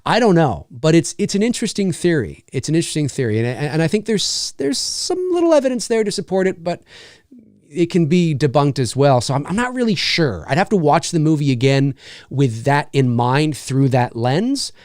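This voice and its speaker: A man's voice: on the high side, normal speed, dry recording, clean studio sound. A man hosting a casual live Q&A, reading viewer questions and chatting about films, laughing easily. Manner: lively, laughs often, reads chat questions aloud. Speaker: host.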